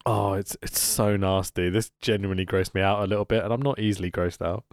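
A man's voice: sits low, fairly even intonation, fairly quick, dry recording. A man co-hosting a casual wrestling podcast, laughing often and telling stories with lots of expression. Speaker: podcast co-host. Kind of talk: casual chat reviewing wrestling.

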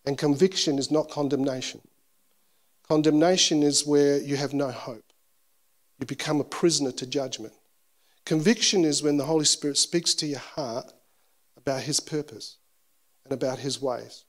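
A male pastor preaching a sermon at a church service, telling a personal story in an animated, self-deprecating way. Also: fairly high pitch, normal speed, pauses often.

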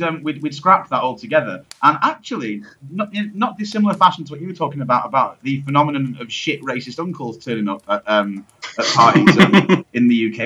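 A man's voice: medium pitch, sharp tone, breathy edge, dull audio. A young man chatting casually, rambling with many ums, restarts and swearing. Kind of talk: casual chat.

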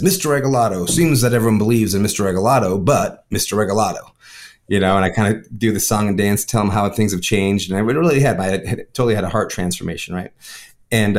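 Fast-talking man telling his testimony. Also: on the low side. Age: adult with a son. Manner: fast storytelling, frequent "right?" tags. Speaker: guest. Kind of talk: personal testimony in conversation.

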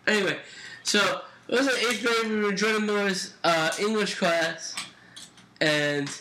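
A young man co-hosts a casual podcast, telling stories in a laid-back way packed with fillers and laughter. His voice is high and his pace moderate. The room is roomy and echoey, with background noise.

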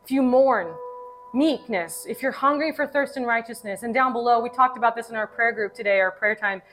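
A woman in her thirties gives a heartfelt sermon, her voice sitting a little high. She weaves personal stories into the message with an earnest, emotional delivery. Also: a little fast, fairly bright tone, faint music behind. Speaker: pastor.

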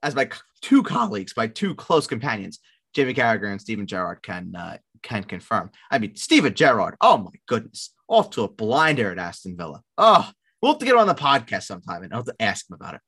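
A man's voice: quick pace, husky. A man co-hosting a sports podcast, talking in a sarcastic, rambling way and swearing freely. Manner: sarcastic, rambling, swears, lively jumps in pitch. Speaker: podcast co-host. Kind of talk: casual sports podcast chat.

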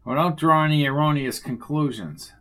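A man reading the lines of a steady, cautious male colleague in a measured tone. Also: fairly high pitch, lightly acted. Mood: calm reasoning.

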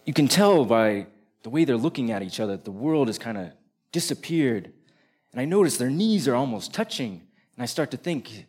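A man's voice: mid-range voice, sing-song, normal speed, a little mellow, breathy edge. A man with a mid-range voice telling a personal story on stage. He paints each scene in detail and lets the comic tension build line by line. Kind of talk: first-person storytelling performance.

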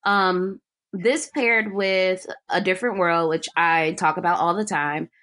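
A young woman from Ohio with a Southern-tinged accent, co-hosting a podcast in relaxed, rambling casual chat with lots of fillers. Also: on the low side, a little slow. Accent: Ohio speech with a Southern US tinge. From Ohio, USA. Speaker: podcast co-host.

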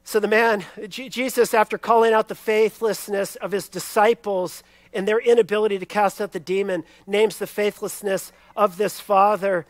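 A man preaching a sermon, telling a scripture story expressively and swinging between loud emphasis and hushed lines. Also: high voice, fairly even intonation, normal speed, no echo. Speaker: pastor.

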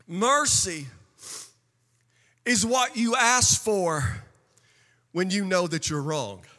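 With lively intonation and a very high, ringing, bright tone, this pastor preaches passionately, his cadence sing-song as he builds to shouted, chanted high points and falls back slowly. The sound trails with long reverb, as though in a large sanctuary.

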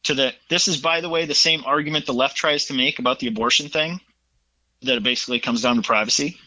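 A man's voice: mid-range voice, quick pace, sharp tone, no echo. A man in casual political chat, opinionated and retelling exchanges at length. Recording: dull lo-fi sound.

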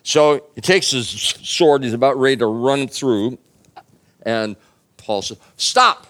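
A man's voice: medium pitch, slow. A man preaching a sermon, retelling a story in a casual, humorous way with many fillers.

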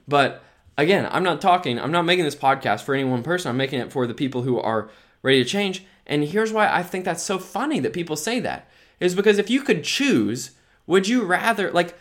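His pitch is fairly high and his tone fairly bright. Though tired, this podcast host rambles cheerfully through a casual solo monologue, leaning constantly on "like" and "right?".

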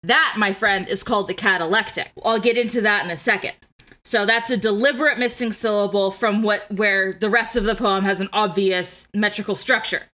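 A young woman on a casual podcast, breaking down rhyme and meter with eager, rambling enthusiasm. Her voice is bright and forward at a middle pitch, and her chatter is full of fillers and restarts. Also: fairly even intonation, fairly quick. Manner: eager, explanatory, lots of filler "like". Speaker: podcast co-host. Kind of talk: casual chat with literary analysis.

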